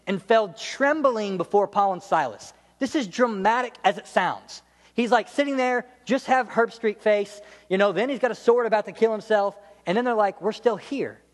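Animated man preaching in a reverberant hall. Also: high-pitched. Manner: animated, jokey storytelling with laughs and playful voices. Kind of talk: humorous sermon.

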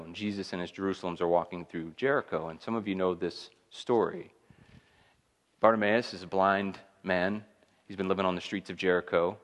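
A man's voice: low voice, fairly bright tone, big-room sound. A man preaching a sermon in a conversational, emphatic way, building intensity as he makes his points. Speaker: pastor.

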